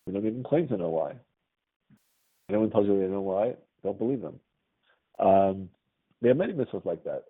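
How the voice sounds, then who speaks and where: A man with a voice on the low side and a husky quality teaches a religious class, speaking at a moderate pace with lively intonation and long pauses. His conversational lecture keeps quizzing students with frequent "right?" checks, and the audio sounds tinny, like a phone.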